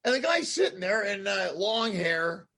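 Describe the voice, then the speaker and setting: A male host with a high voice and a gravelly, husky edge, chatting casually with his guest. He tells stories in a rambling, animated way, piling up restarts and asides. The tone stays loose and conversational throughout. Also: normal speed. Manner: rambling, animated storytelling with laughs. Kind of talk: casual interview chat.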